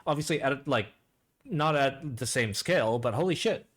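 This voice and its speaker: A man's voice: mid-range voice, animated, normal speed, fairly bright tone. A man hosting a live stream, chatting casually and reacting, with a rambling, profane delivery full of filler words. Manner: rambling, sweary, lots of "like" fillers.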